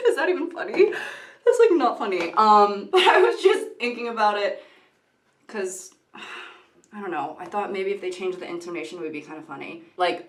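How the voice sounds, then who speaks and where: A woman's voice: medium pitch, big pitch swings, moderate pace. A young woman vlogging in casual, rambling commentary, often breaking off into tangents and giggling. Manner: rambling, self-interrupting, giggly. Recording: echoey room.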